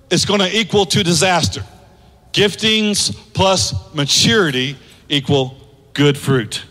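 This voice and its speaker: In a large church with long hall reverb, a pastor in his fifties delivers an animated sermon. His pitch rises and falls dramatically, breaking into shouted peaks.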